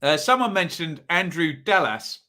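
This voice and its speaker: A man's voice: on the high side, lively intonation, normal speed, pushed and bright. A man hosting a live football watchalong stream, chatting to his viewers and tossing out tag questions.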